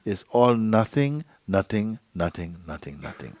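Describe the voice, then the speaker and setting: In a meeting hall, a male spiritual teacher gives a satsang talk to a gathering in a lowish, darkish voice at a moderate pace. He is playful, acting out small dialogues and laughing often. The recording is dry and clean, with studio sound.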